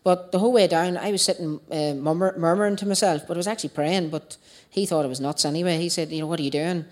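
Low-voiced Northern Irish woman telling a testimony. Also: quick pace, darkish tone. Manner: chatty storytelling, quoting her own past dialogue. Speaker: speaker giving a testimony. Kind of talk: personal testimony to a church group.

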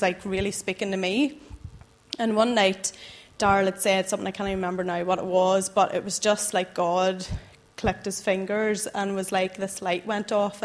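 A young woman, giving an earnest, halting personal testimony to a church group, emotional as she tells it. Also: medium pitch.

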